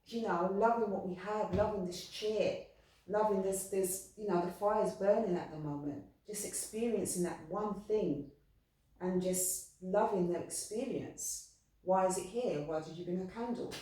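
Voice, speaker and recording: A woman's voice: lowish voice, warm tone. A woman talking earnestly about spirituality, rambling and repeating herself with frequent restarts. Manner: heartfelt, repetitive, rambling with restarts. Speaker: spiritual medium. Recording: echoey room, distant mic.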